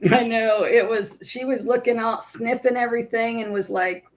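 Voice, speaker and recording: A woman's voice: fairly high pitch, fairly even intonation, moderate pace. A woman hosting a casual live stream, chatting with viewers and cooing at her puppy.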